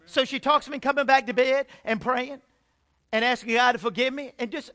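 High, bright-voiced man preaching. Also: moderate pace. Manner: emphatic, testimony-style preaching with swings in loudness. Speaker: pastor. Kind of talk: sermon.

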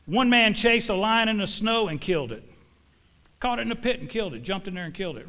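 A man's voice: high voice, sing-song, fairly quick, sharp tone. A man preaching a sermon to a congregation in a church, in a folksy, emphatic way full of homespun sayings.

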